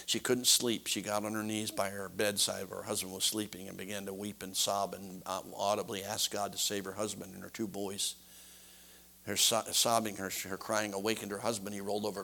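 A man preaching a sermon, telling a story in a folksy, animated way. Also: fairly low pitch, brisk, vocal fry.

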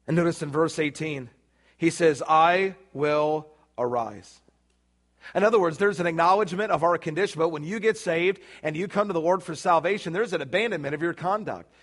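A man preaching from the pulpit in a somewhat high voice. He drives his points hard and acts out the prayers he quotes, climbing higher as he pleads. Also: quick pace. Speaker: pastor. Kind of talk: sermon.

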